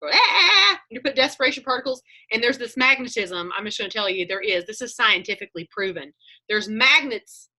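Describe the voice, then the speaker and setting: A woman's voice: a little high, pushed and bright. A woman, talking on a video call, telling chatty stories and acting out her own thoughts as she coaches a group.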